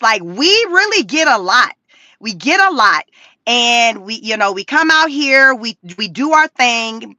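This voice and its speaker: A woman talking casually on a livestream, profane and animated, laughing often. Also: a little high, no room sound. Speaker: YouTube commentary creator.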